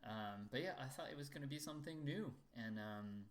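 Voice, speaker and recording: A man co-hosts a casual podcast, talking at an ordinary middle pitch. He is chatty and laughs easily between points. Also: animated, brisk. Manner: chatty, laughs often, mimics in whispers. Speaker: podcast co-host. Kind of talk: casual chat.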